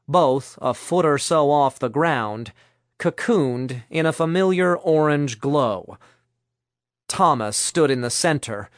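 A man narrating an audiobook in a brisk, even storytelling manner. His voice sits at middle pitch. The recording is dry and close. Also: no echo.

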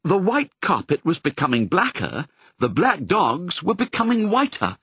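Man narrating a storybook, husky and very animated, dry booth sound. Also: fairly high pitch, moderate pace, no room sound. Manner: expressive, storytelling. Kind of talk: audiobook reading.

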